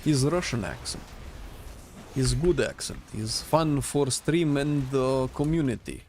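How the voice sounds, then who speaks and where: A young man giving live gameplay commentary, excitable, chanting and shouting at the game. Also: mid-range voice, unhurried, a little hiss or hum. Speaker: game streamer. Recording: faint music behind.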